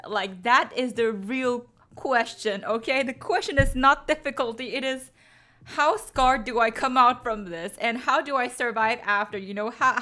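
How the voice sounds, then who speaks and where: A woman's voice: a little high, sharp tone. A woman chatting casually on a stream, pleading and groaning with exaggerated drama to her viewers. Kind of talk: casual live-stream chat.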